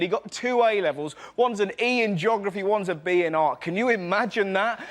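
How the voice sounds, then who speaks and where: A high-pitched male comedian doing stand-up comedy, jumping between storytelling and voices for the people in his stories. His TV studio recording carries heavy background noise and audience laughter. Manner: bouncy storytelling with put-on voices for quoted people.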